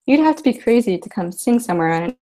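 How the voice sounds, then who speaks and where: A woman's voice: fairly high pitch, very animated, quick pace, warm tone, pitched above the performer's own voice. Vovka, a woman reading a scheming hungry schoolboy. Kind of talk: literary reading.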